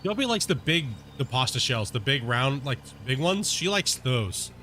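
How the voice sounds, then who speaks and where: A man streaming a game, chatting casually with his viewers in a relaxed, rambling way full of fillers. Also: medium pitch, normal speed, a little hiss or hum. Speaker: gaming streamer. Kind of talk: casual chat with live viewers while playing.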